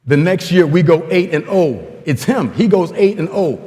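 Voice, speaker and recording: At a coaching clinic, a Congolese guest speaker delivers a frank, street-smart pep talk to coaches, full of slang and anecdotes. He sounds high-pitched, expressive, and mellow, speaking at a moderate pace in a big-room acoustic.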